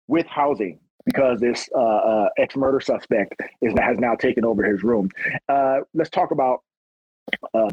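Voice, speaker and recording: A man's voice: mid-range voice, husky, no room sound, lo-fi sound. A middle-aged man from Long Beach, a police officer telling stories in a casual interview and acting out the people he quotes. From Long Beach, California. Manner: animated storyteller who acts out quotes.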